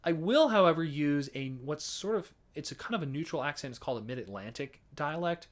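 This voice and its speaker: A man's voice: on the high side, animated, fairly quick. An American man giving a casual educational talk about folk songs, chatty and explanatory, often restarting his sentences. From United States. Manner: chatty explaining, frequent restarts and hedging fillers. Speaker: folk song presenter.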